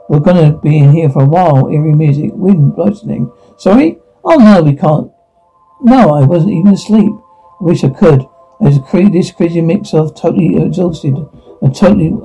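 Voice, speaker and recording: A man reading a whole drama script aloud in a flat, stumbling way, with restarts, sound cues included. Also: on the high side, vocal fry, breathy edge. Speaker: reader voicing a whole drama. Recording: dull lo-fi recording with faint music.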